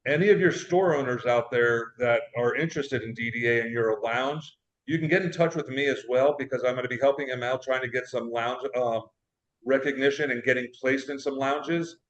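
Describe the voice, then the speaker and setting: A man's voice: medium pitch, brisk, reverberant, highs cut off. A man, a cigar shop owner, calling in by video, telling a rambling story and repeating himself. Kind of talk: casual chat. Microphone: video call.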